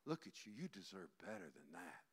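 Man doing a low whispery devil, sly, coaxing, soft and breathy. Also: sing-song, brisk, full character voice. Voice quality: low hushed near-whisper. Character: sly coaxing male devil, seductive tempter.

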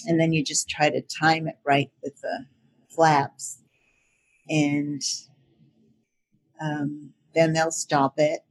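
Chatty older woman guest, husky voice, easy laughs, lots of ums. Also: low voice, little pitch movement, slow pace, long pauses. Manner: chatty, laughs often, many fillers. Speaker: voice actor guest. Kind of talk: casual interview chat.

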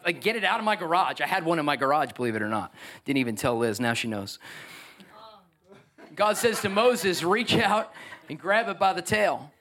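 A man preaching a lively sermon as pastor, acting out the voices of biblical figures. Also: fairly high pitch.

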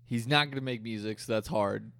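A man's voice: on the low side, a little fast, creaky, fairly bright tone, clear, resonant tone, no room sound. A young man co-hosting a podcast, rambling and swearing through casual chat. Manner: crude, rambling, profane. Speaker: podcast co-host.

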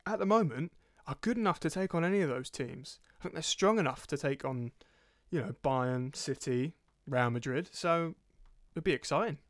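A man's voice: on the high side, normal speed, hardly any pauses, dry recording, clean studio sound. A young man co-hosting a casual football podcast, blunt and jokey, with the odd swear word. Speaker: podcast co-host.

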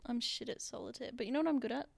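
Young woman, podcast co-host, deadpan and ironic, high-ish voice with gravelly fry. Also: rapid-fire. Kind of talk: casual chat.

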